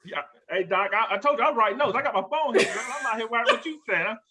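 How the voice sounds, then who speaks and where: A man from Miami, Florida with a Southern accent, talking bluntly and preacherly on a panel, swinging between low asides and loud punches. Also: lively intonation, fast, very noisy. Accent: Southern American. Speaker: guest speaker, education doctor. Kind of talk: fiery panel talk.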